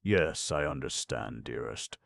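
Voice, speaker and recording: A distinguished man near forty speaks in a broken, strained voice that is deep and gravelly, as a male narrator plays him. It is read close and dry, audiobook style. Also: lively intonation, unhurried, a bit bright, dry recording, exaggerated voice.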